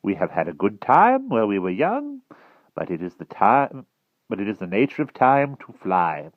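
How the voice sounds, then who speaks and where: A man voicing a wise old magician who speaks in a measured, kindly way. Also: on the low side, wildly swooping pitch, no room sound, narrow, tinny audio, pitched above the performer's own voice. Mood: gentle. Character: wise old male magician, gentle and calm.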